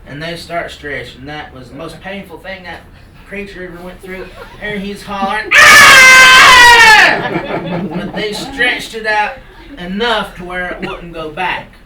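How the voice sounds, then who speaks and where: Brief: male storyteller, a touch higher, echoey room, mic distant, noisy. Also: normal speed, raised voice. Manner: lively and animated, acting out the action. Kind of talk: live oral folk storytelling. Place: indoor talk venue. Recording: roomy room from far off, noisy.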